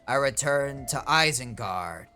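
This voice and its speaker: A man's voice: medium pitch, animated, a little slow, bright, forceful tone, soft background music. A man voicing a proud male orc captain who speaks in a blunt, commanding way.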